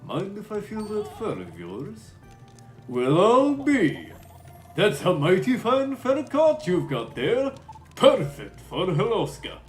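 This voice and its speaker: A man's voice: high-pitched, huge pitch swings, quick pace, few pauses, darkish tone, roomy sound, soft background music, voice pushed up. A man voicing a hearty older male village chief with a vague Eastern European put-on lilt.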